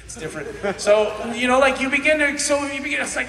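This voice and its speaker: A man in his thirties preaching a sermon, animated, swinging between shouts and quiet asides, laughing often. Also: very high voice, brisk, gravelly, hardly any pauses. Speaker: pastor. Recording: echoey hall from far off.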